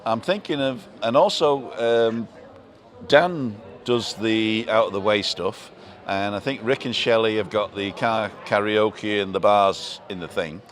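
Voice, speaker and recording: A man's voice: lowish voice, unhurried. A middle-aged man, hosting a live show in a rambling, jokey, self-interrupting chat. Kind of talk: casual chat.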